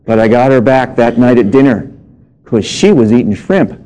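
A man's voice: medium pitch, normal speed, dark tone, slight background noise, poor audio. A middle-aged male pastor preaching a sermon, reading scripture and telling humorous personal stories.

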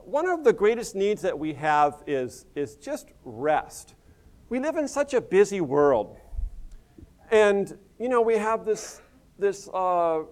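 A middle-aged American man, a pastor, preaching a sermon in a conversational, folksy way full of asides. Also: a little high. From United States. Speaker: pastor and missions director.

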